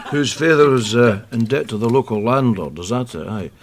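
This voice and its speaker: An actor playing a sarcastic, exasperated older Scottish pensioner who reads war books. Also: male voice, medium pitch, moderate pace, natural voice.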